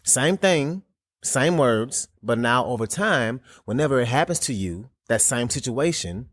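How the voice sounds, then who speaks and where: A man hosting a solo motivational podcast, talking in an earnest, casual way with emphatic jumps in pitch. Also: expressive, measured pace, fairly bright tone, no room sound, clean studio sound. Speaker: podcast host.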